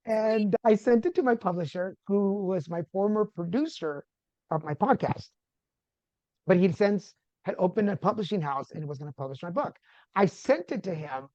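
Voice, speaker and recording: A man from Texas, a podcast guest, telling a personal story in a relaxed conversational way and acting out the voices of people he quotes. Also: high-pitched, dry recording, muffled recording. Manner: animated, acts out quoted dialogue.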